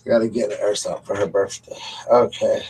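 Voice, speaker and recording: Guy rambling on his livestream, kinda low husky voice, talks to y'all. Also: fairly even intonation, brisk, a little mellow, low-quality recording. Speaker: livestream host. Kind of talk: casual live stream chat.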